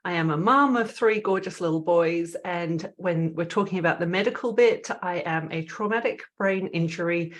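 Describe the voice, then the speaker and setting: A woman's voice: lowish voice, moderate pace, hardly any pauses. A woman from the UK who lives in Australia, speaking with a British accent tinged with an Australian twang, telling her story in a friendly way as a podcast guest. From United Kingdom. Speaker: podcast guest, physician and coach. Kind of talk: casual interview.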